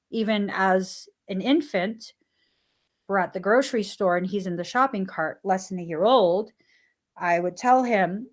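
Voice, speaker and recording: A woman hosting a spiritual podcast, telling a family story in a casual way. She acts out the quoted dialogue and laughs often. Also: medium pitch. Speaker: podcast host.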